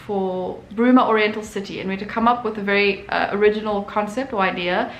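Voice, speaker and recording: Speaking quickly in a steady, fairly bright, medium-pitched voice, this young artist shares a personal story on her own channel. She is chatty and full of fillers and restarts, and the echoey room adds faint noise.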